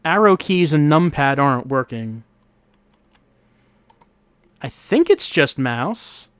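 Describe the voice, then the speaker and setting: A man's voice: a little high, animated, slow, a bit bright, smooth, no room sound. A man giving casual gameplay commentary as host, wry and musing, thinking aloud as he plays. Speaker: let's-play host. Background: faint game music.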